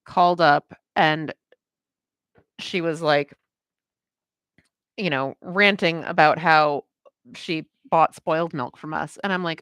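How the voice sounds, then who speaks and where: A woman chats casually as she draws on a livestream, rambling from one thought to the next with plenty of filler words and easy laughter. Her voice sits on the low side. The sound is dry and close, with no room echo. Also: fairly even intonation, slow, pauses often, a bit bright, clean tone. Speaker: comic artist streaming her work. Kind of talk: casual chat while drawing on a livestream.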